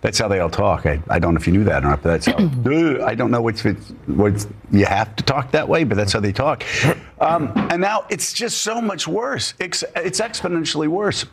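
A man's voice: medium pitch, very animated, brisk, husky. A man hosting a political talk show, emphatic and heated, repeating words as he builds a point. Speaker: host.

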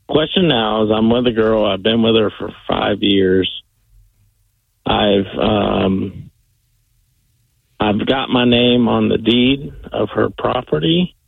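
Gravelly man on a tinny phone line. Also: lowish voice, no room sound. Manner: hesitant, many ums and restarts. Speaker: caller. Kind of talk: phone call to a radio show.

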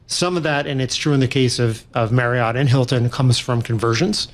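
A man answering interview questions as an industry analyst, in a measured way with frequent restarts. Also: medium pitch.

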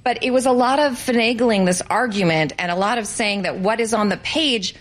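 A woman's voice: fairly high pitch, fairly quick. A woman correspondent giving detailed, wry analysis on a live news show.

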